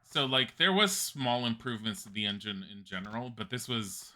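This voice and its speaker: A man streaming a game live with a very bright, forceful voice. He rambles casually through his commentary, laughs often, and swears without a second thought. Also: mid-range voice, moderate pace.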